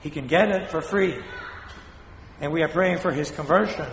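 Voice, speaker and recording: An older man from Spain, a priest preaching a sermon in a blunt, scolding way with dramatic pauses, his voice still weak after a fall. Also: a little high, fairly bright tone, a little hiss or hum. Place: church. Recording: echoey hall from a distance.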